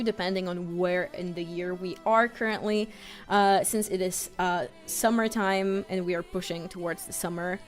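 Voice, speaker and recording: A woman in her twenties streaming live, chatting casually, excitable and a bit nervous as she greets her viewers. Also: mid-range voice. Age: 20s. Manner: excitable, gushing greetings to chat; nervous, self-conscious chatter.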